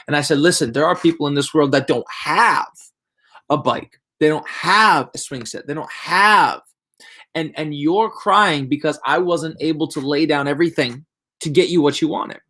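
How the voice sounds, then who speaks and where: A young adult male pastor shares a casual devotional talk. He rambles animatedly, restarting sentences as he tells a story. His voice sits a bit higher than most men's. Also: moderate pace, bright, forceful tone.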